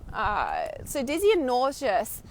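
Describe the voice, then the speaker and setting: A woman's voice: fairly high pitch, huge pitch swings, slow pace. A woman, an intuitive healer, giving a casual spiritual lesson to her camera. She talks loosely and animatedly, swears freely and acts out people's inner voices. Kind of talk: spiritual teaching talk to camera. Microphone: filming herself on camera.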